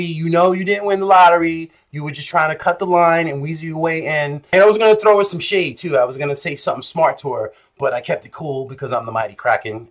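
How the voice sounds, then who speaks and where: A young man telling a story in a casual vlog, animated and jokey, swinging between loud bursts and low mutters. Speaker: vlogger.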